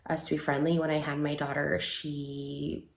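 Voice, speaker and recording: An online creator gives an emotional personal statement in a video, speaking haltingly with many fillers and restarts. Her voice is low, gravelly and monotone, and the room is echoey.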